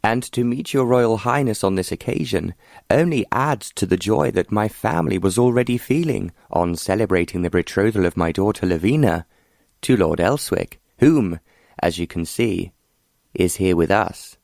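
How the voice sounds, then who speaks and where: A flustered older earl, read by a man, speaks formally and effusively. The voice is low and the recording is dry and close. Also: animated, moderate pace, vocal fry, darkish tone, no echo.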